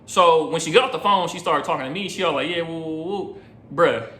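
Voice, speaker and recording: A man's voice: a little high, fast, bright, forceful tone, reverberant. Slangy young man telling a story. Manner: slangy, rambling, keeps asking you know what I'm saying. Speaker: rideshare driver. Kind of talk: casual storytime.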